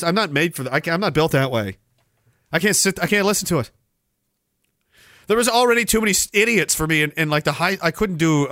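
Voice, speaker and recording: A man's voice: fairly high pitch, sharp tone, no echo, clean studio sound. A man, ranting sarcastically and profanely on his livestream, rambling from one complaint to the next. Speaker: livestream host.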